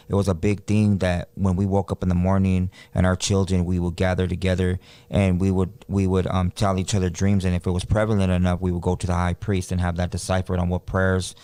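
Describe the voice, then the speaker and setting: Deep monotone dude on a podcast, laid back, says bro a lot, dark tone. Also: male voice, fairly quick, hardly any pauses, smooth, dry recording. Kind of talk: casual chat.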